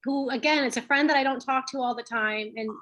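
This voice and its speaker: Female interview guest, earnest storyteller, voice a bit high, over a video call. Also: a little fast, fairly bright tone. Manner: earnest, reflective, with fillers. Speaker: lawyer and guest.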